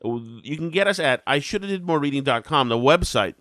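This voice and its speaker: A man's voice: on the high side, expressive, a little fast, a bit bright, dry recording. A man in his forties hosting a casual podcast, rambling and self-deprecating, with a head cold that makes him sound congested. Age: 40s. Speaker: podcast host.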